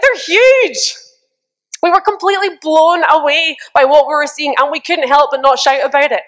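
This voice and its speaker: A young woman preaching a lively sermon, reading scripture and telling animated stories with mimicked exclamations. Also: high-pitched.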